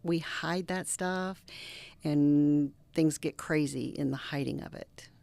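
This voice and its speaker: A middle-aged woman, a reverend, speaking as an interview guest and telling personal stories earnestly, now lively, now dropping to a soft near-whisper. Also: low-pitched, takes it slowly, creaky, dry recording. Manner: earnest, animated storyteller who drops to soft near-whispers. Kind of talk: interview conversation with personal storytelling.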